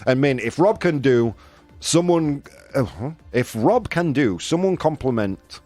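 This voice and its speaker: Lively joking male chat show host. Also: medium pitch, measured pace, faint music behind. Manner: jokey, animated, reads chat aloud. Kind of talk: casual live-stream chat show.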